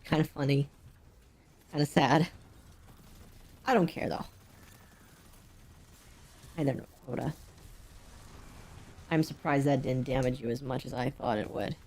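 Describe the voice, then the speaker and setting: A woman with a low-pitched voice talks over a game she is streaming. She rambles with plenty of ums, and she sounds unwell and drained of energy. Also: steady tone, measured pace, long pauses, darkish tone, slight background noise. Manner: rambling, frequent laughs and ums. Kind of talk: casual gameplay commentary.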